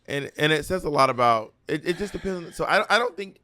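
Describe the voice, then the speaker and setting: A man's voice: medium pitch, expressive, normal speed, hardly any pauses, sharp tone. A man co-hosting a podcast in casual chat, telling stories emphatically and with animation over a video call. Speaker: podcast co-host. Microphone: podcast mic on video call.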